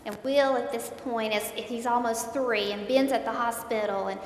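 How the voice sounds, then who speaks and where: A woman's voice: fairly even intonation, moderate pace. A woman giving an earnest faith testimony, retelling events and repeating herself as she speaks. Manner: earnest, repeats words while recounting, voice rises in dismay. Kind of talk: emotional faith testimony storytelling. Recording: echoey hall, faint rumble.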